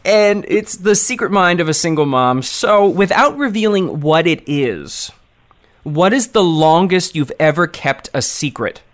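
A man's voice: high-pitched, measured pace. Easygoing male podcast host. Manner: relaxed, joking, trailing off softly. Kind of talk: casual interview chat.

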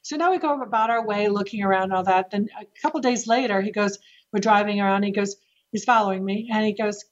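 Woman, real estate guest, lively anecdotal teller, laughs a lot; muffled lo-fi track. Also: mid-range voice, fast talker. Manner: animated, with laughs and restarts. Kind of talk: casual storytelling interview. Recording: dull lo-fi sound.

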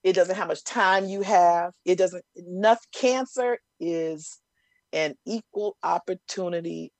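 A woman co-hosts a casual conversation, her voice sitting on the low side. She teases her partner in an animated way, with sudden loud bursts. The sound is dry and close. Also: measured pace, no room sound. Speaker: co-host. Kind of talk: casual chat.

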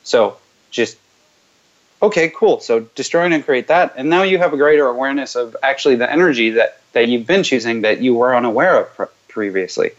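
A man hosting a call-in coaching show, chatting loosely and then reciting repeated clearing statements in a low, steady way. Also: fairly quick, muffled recording. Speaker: host leading callers through clearing statements.

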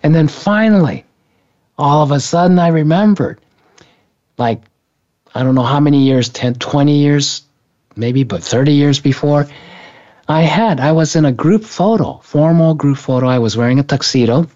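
A man's voice: a little high, normal speed, darkish tone. A man telling a personal story in an interview, rambling with many restarts and self-corrections. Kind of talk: conversational storytelling. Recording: dull lo-fi recording.

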